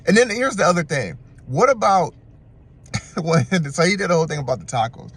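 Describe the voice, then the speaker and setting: Husky, animated man recapping a show. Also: on the high side, a little fast. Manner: animated, slangy storytelling. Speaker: reality TV recap vlogger. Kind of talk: casual commentary.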